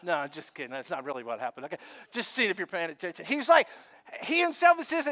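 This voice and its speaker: A male pastor preaching a sermon in an animated, joking way, acting out the story scenes. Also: sits high, fast.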